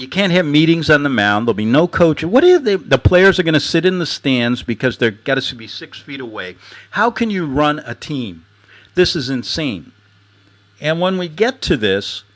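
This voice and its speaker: Animated storytelling man, lively pitch. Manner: animated, storytelling, laughs often, acts out quotes. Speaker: host. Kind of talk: casual ranting monologue.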